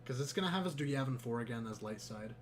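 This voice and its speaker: A man's voice: mid-range voice, lively intonation, quick pace, a little hiss or hum. A man streaming a video game, chatting casually, joking and swearing freely. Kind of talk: casual chat while gaming. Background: game music.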